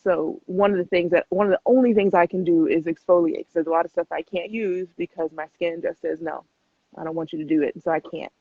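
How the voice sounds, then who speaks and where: A chatty young woman answers viewer questions in a relaxed live Q&A, talking quickly and breaking into laughs between answers. Her voice comes through thin and phone-like. The sound is close and dry, with no room around it. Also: lowish voice, slightly rough, no room sound. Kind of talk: casual live Q&A chat.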